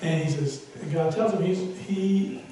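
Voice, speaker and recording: Male pastor, chatty sermon delivery with self-mocking humor; slightly high pitch, distant mic in a reverberant church. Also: measured pace, a little hiss or hum. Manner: conversational, self-deprecating humor, rises to loud emphasis. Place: church sanctuary.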